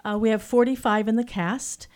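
A woman's voice: on the high side, steady tone, moderate pace, a little mellow. A woman who directs a youth theater program, chatting in an interview in a rambling way with many fillers. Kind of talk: casual interview chat.

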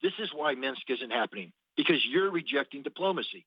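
A man's voice: mid-range voice, lively intonation, brisk, breathy edge, no room sound. Blunt male radio guest, sardonic, stumbling repeats, dry close mic, muffled lo-fi sound. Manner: blunt and sardonic, repeats words while finding them. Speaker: guest analyst. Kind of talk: radio interview commentary.

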